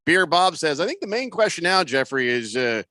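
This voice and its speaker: Lively, bright-voiced radio host. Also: male voice, a little high, fairly quick, dry recording, clean studio sound. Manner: jokey, reads listener messages aloud, laughs often. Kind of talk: casual sports radio banter.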